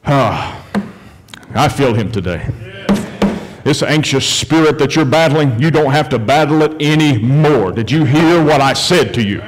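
A man's voice: mid-range voice, lively intonation, measured pace. Preaching man in a reverberant church. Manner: preaching with big swings from hushed to shouted. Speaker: pastor. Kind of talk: sermon. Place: church sanctuary during worship service. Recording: long reverb of a church hall.

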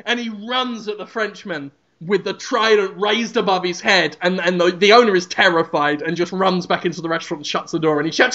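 A man co-hosting a podcast, telling a rambling comic story with animated delivery. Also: sits high, brisk, hardly any pauses, dull audio. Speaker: podcast co-host.

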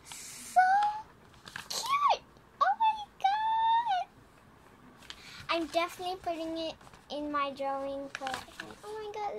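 A young female vlogger opening a gift, excitable and quick to squeal with delight. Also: extremely high pitch. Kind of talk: gift unboxing vlog. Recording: background noise with paper crinkling.

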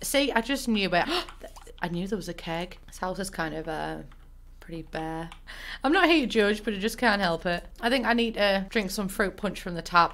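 A woman's voice: medium pitch, a bit bright, slight background noise. A woman in her twenties from northern England with a Northern English accent, giving playful, chatty commentary while playing a game. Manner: chatty, playful, jokey asides to the viewer. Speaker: gaming YouTuber. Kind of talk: casual let's-play commentary.

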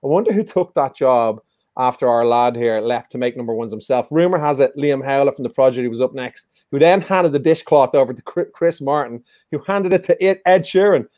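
A man's voice: medium pitch, brisk, a little mellow, no echo, clean studio sound. A man hosting a live-streamed music quiz in a casual, joking, teasing way. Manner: joking, teasing, playful banter. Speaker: quiz show host.

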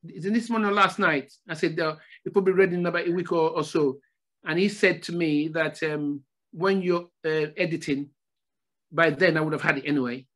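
An older man from Nigeria, a former footballer, telling stories as a podcast guest in a relaxed chat, often repeating his phrases. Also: on the high side, normal speed. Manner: repeats phrases, animated storytelling. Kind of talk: casual storytelling interview.

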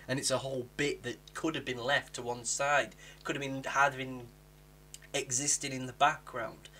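A young man from England casually reviewing a TV episode, animated and acting out characters with sudden jumps in pitch. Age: young adult.

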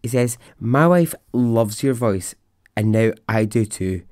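A man's voice: medium pitch, lively intonation, takes it slowly, darkish tone, no room sound, studio quality. A Scottish man hosting a storytelling podcast, chatting in an enthusiastic, rambling way with lots of asides. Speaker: podcast host. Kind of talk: casual storytelling podcast chat.

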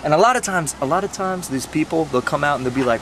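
A man's voice: fast, noisy background. A young man rambling through an improvised comedy sketch as a goofy salesman, recorded outdoors by a street. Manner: rambling, goofy, high put-on voice early.

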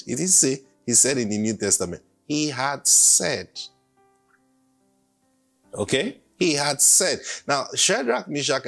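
A man's voice: medium pitch, fairly bright tone. A man preaching an emphatic sermon and leading the congregation in call-and-response. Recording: faint music behind.

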